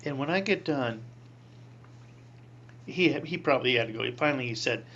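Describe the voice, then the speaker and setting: A man in his sixties, a priest, telling a personal story in an interview, animated, acting out voices and laughing often. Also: medium pitch, normal speed, dull audio.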